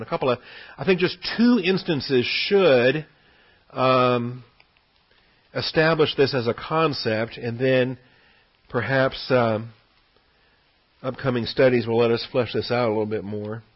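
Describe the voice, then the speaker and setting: This Bible teacher's voice is medium in pitch and slightly rough, captured on a dull lo-fi recording. Working through scripture verse by verse, he talks conversationally, repeats his words a lot, and keeps asking "okay?".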